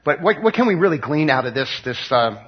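A man's voice: a little high, sing-song, fast, breathy edge. A man teaching a Bible passage in a loose, conversational way, reading verses aloud and retelling them with many fillers and restarts. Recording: dull lo-fi recording.

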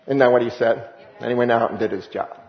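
A man preaching a sermon as pastor, animated and conversational, with laughs and asides. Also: medium pitch, quick pace. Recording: echoey room, dull lo-fi sound.

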